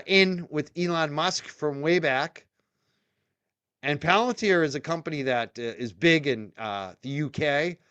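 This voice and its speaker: A man's voice: fairly high pitch, fairly bright tone, smooth, dry recording, dull audio. A man hosting a live stream, giving rambling, opinionated commentary with frequent restarts and fillers. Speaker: show host.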